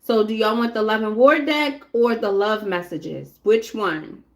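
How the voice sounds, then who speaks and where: A woman's voice: on the high side, measured pace. Blunt chatty woman reading tarot. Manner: blunt, chatty, talks straight to viewers with cursing. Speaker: tarot reader. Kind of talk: casual live tarot reading.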